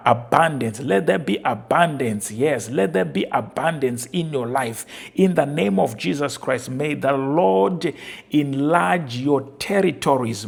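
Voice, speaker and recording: Slow gravelly-voiced man preaching. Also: on the high side. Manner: fervent, repeats blessings, builds to loud declarations. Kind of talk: sermon with prayer and declarations.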